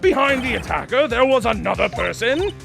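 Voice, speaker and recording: A stern, pompous old judge, as a man puts him on lays down the rules in a formal tone. His delivery swings with animated pitch. Game music runs behind him. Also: brisk, vocal fry, heavily acted. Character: stern elderly male courtroom judge.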